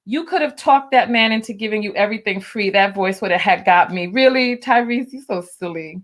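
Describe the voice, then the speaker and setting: A livestream host with a mid-range voice talks fairly quickly, chatting and laughing as she speaks directly to her viewers. She reads their comments aloud in a casual tone.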